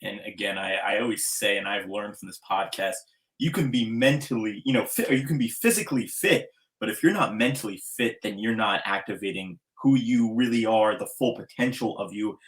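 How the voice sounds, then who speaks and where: A man's voice: fairly low pitch, brisk, fairly bright tone. A man hosting a podcast interview, talking in an effusive, enthusiastic way, with hype-style introductions. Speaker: podcast host.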